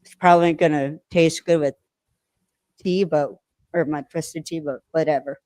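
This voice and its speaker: A woman co-hosting a podcast, recapping an episode in rambling casual chat and acting out quoted lines, clearing her throat now and then. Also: low voice, fairly even intonation, moderate pace, darkish tone, dry recording. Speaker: podcast co-host.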